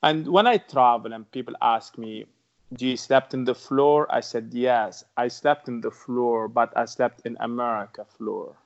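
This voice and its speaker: A man's voice: mid-range voice, steady tone, unhurried, vocal fry. A man with an Arabic accent and broken English telling his own story as a podcast guest, earnest and repeating phrases for emphasis. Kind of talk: interview storytelling. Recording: dull lo-fi sound.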